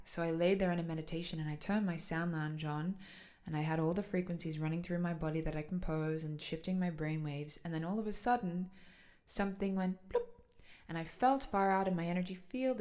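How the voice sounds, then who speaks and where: Earnest woman with a low-leaning voice. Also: a little fast, a little mellow. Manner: earnest, flowing, lots of "like" and "so". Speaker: light language channeler. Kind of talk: casual personal talk.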